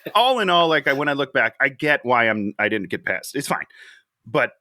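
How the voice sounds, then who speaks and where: A man's voice: medium pitch, very animated, a little fast, bright, forceful tone, dry recording, studio quality. A man co-hosting a podcast, chatting casually and telling rambling, self-deprecating stories. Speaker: podcast co-host. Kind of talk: casual chat.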